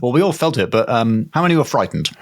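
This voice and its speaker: A man's voice: mid-range voice, very animated, quick pace. A man co-hosting a podcast, bantering in a dry, wry way. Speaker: podcast co-host. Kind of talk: casual comedic chat.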